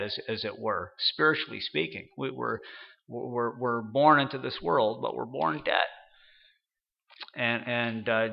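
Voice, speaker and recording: Guy preaching a sermon, stops and repeats himself a lot, gravelly voice, bit muffled. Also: mid-range voice. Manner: halting, many repeated words and fillers. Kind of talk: unscripted sermon.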